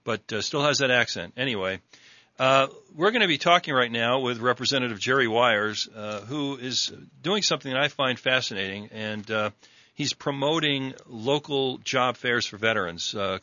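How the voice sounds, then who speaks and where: A man's voice: medium pitch, bright, forceful tone, no room sound, highs cut off. A man from New York hosting a radio talk show, chatting with a guest and stumbling through lots of fillers and restarts. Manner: halting, many fillers and restarts. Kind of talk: casual radio interview.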